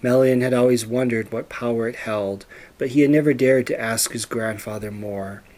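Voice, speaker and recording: A man narrating a storybook in a steady, measured reading voice. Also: medium pitch.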